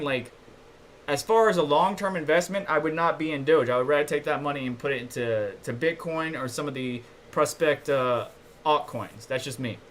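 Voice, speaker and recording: A man with a fairly high voice hosts a casual crypto news livestream. He reads news articles aloud, then breaks off to chat loosely with his viewers. A faint hiss sits behind his voice. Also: fairly bright tone. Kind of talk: casual live-stream commentary, reading news articles aloud.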